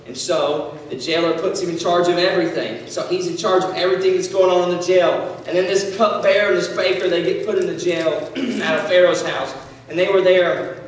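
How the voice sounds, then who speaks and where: A man's voice: high voice, steady tone, brisk, a little hiss or hum. A man preaching to a youth group, retelling a story in a joking, slangy way and acting out its people. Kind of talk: casual youth sermon. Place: large echoey hall. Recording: echoey hall from far off.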